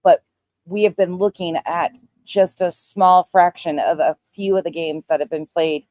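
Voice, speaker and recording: Low-voiced woman, sarcastic and dry. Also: fairly even intonation, unhurried, a little mellow, dry recording. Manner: dry, mocking asides. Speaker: commentator. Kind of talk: sarcastic commentary over a clip.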